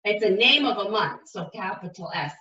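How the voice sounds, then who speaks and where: A woman teaching a writing lesson to young children, modeling aloud and sounding out letters slowly and with exaggeration. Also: mid-range voice, lively intonation, sharp tone, echoey room, recorded from a distance, highs cut off.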